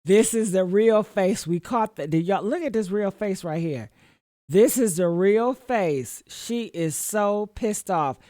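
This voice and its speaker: Slow, sassy woman commentator. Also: medium pitch, warm tone, no room sound, studio quality. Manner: sassy, mocking, laughs often, talks to viewers as y'all. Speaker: reaction commentator. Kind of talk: casual reaction commentary.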